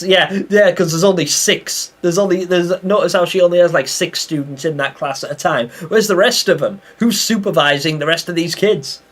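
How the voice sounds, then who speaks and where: Chatty young British streamer, slightly high voice, laughs a lot while reading chat. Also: male voice, normal speed, hardly any pauses, fairly bright tone. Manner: chatty, reads chat aloud, laughs often. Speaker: live game streamer. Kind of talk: casual live-stream chat while gaming.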